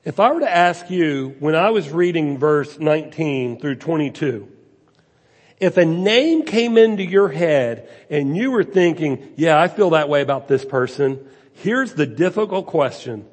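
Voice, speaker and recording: A man's voice: a little high, animated, unhurried, slightly rough. A man preaching a sermon as a pastor, with rhetorical questions and emphasis that rises and falls. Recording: long hall reverb.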